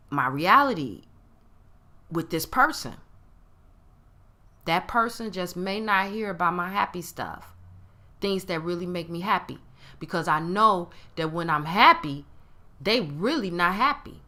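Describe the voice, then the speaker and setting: Bright-voiced woman giving motivational talk. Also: lowish voice, animated, a little slow, long pauses. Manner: emphatic, acts out other people's tones. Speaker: motivational speaker.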